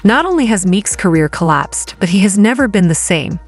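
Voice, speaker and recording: A woman's voice: mid-range voice, sing-song, moderate pace, faint music behind. A woman reading a scripted gossip narration in a dramatic way as a channel narrator.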